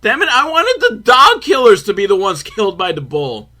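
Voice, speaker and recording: A young man recapping a film for laughs in an animated, swearing manner, slipping into voices for the characters. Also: extremely high pitch, moderate pace, few pauses. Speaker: host reacting to a film.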